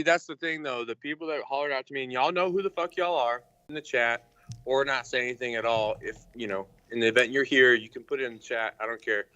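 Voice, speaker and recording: A man's voice: mid-range voice, bright, forceful tone, dry recording, muffled recording. A man calling into a casual show, talking in a defensive, rambling way with heavy swearing. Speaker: caller. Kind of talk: casual call-in chat.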